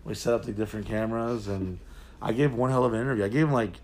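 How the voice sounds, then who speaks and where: A man with a somewhat low voice tells long stories in an interview. He rambles, swears freely and gets animated as he talks. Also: fast. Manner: profane, rambling, animated storyteller. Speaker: interview guest. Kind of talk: casual storytelling.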